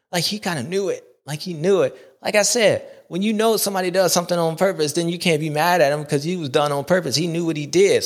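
This is a man hosting a recap, his voice a little on the high side. He rambles through his points in loose, playful slang. His pitch jumps around all the time. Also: fairly bright tone. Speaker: show host. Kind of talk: casual rambling recap monologue.

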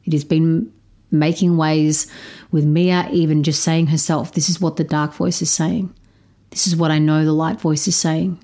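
A woman's voice: sits low, level tone, normal speed, mellow. A woman hosting a solo podcast, talking frankly and emphatically about parenting, with plenty of swearing. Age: adult stepparent. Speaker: podcast host.

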